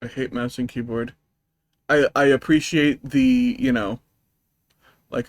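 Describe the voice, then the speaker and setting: A man's voice: medium pitch, fairly even intonation, measured pace, pauses often, no room sound. A man streaming a video game, ranting profanely and rambling with lots of fillers and restarts. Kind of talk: live-streamed gameplay commentary.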